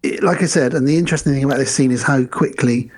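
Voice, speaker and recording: A man co-hosting a podcast, recapping a film's plot at a measured pace and quoting its lines. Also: medium pitch, slightly rough. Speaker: podcast co-host. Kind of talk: casual film discussion.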